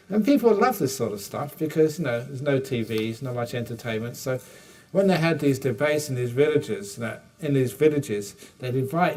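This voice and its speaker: A man's voice: mid-range voice, a little mellow, recorded from a distance. An older man giving a meditation teacher's dharma talk, answering retreat questions with humor and acted-out dialogue. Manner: humorous storytelling, acts out dialogue. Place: retreat hall.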